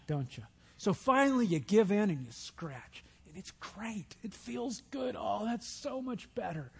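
Husky high-voiced preacher, man. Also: a little mellow. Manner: storytelling preacher acting out Bible scenes in voices. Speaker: pastor. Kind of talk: sermon.

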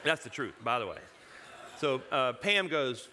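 A man speaking to a congregation, telling a personal story in an animated way, chuckling and breaking off his own sentences. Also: mid-range voice, measured pace, a little hiss or hum.

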